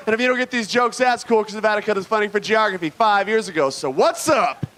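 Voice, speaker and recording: A man's voice: sits high, fairly quick, a bit bright, rough recording. A man doing a live stand-up set on a club stage, brash and riffing with the crowd. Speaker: stand-up comedian.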